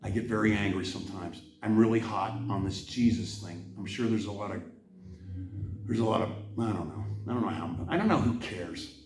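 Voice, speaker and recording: A man hosting a heated monologue about religion, swinging from an impassioned rant to a quiet, apologetic tone. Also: on the low side, a little fast, roomy sound, distant mic, slight background noise. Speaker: channel host.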